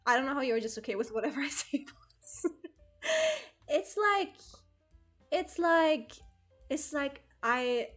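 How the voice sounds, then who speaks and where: Young woman streamer, casual rambling chat with laughs, slightly high bright voice, faint music behind. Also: a little slow, long pauses. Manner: rambling, self-correcting, laughs often.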